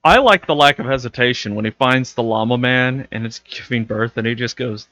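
A man's voice: mid-range voice, a little fast, pushed and bright, no room sound. A man co-hosting a podcast, chatting casually and acting out movie scenes in funny voices. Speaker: podcast co-host. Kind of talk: casual chat about a bad movie.

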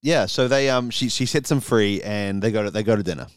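Smooth-voiced man spinning a comic tale. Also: lowish voice, no echo, studio quality. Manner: halting, many ums, laughs at own jokes. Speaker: comedy podcast co-host. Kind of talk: improvised comic storytelling.

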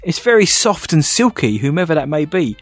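A man co-hosting a podcast, joking and reacting quickly. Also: a little high, sing-song, no echo, soft background music. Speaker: podcast co-host. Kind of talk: casual banter.

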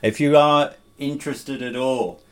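A man hosting a podcast, talking in a gentle, reassuring way. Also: medium pitch, steady tone, measured pace, smooth. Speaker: podcast host. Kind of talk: casual chat.

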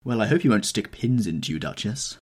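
A man voicing a charming young gentleman host who speaks lightly, with a gently protesting tone, in an audiobook reading. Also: lowish voice, animated, brisk, breathy edge, pitched above the performer's own voice.

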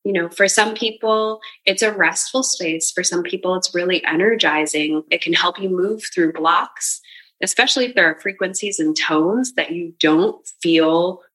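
A woman who runs sound baths and Pilates, talking in a relaxed conversation and giving earnest, flowing explanations. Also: on the low side, moderate pace, poor audio. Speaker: sound bath and Pilates practitioner. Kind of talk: casual conversation.

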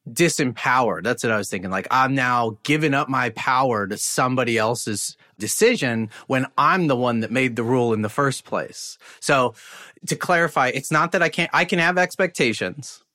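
Brief: male podcast host, bright forceful tone, affirming and reflective. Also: medium pitch, lively intonation, moderate pace. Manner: attentive, affirming, summarizes back to check understanding. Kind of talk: conversational interview.

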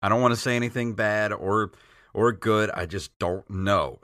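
A man co-hosting a retro gaming podcast in casual chat, hesitant and quick to laugh. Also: fairly low pitch, fairly bright tone, dry recording, clean studio sound. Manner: hesitant, laughs easily, mimics voices. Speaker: podcast co-host.

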